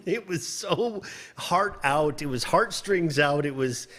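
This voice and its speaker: A man's voice: a little high, expressive, slow pace, a bit bright. A man, a composer giving casual feedback on listener submissions, rambling and swearing, laughing often and restarting his sentences. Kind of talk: casual livestream critique.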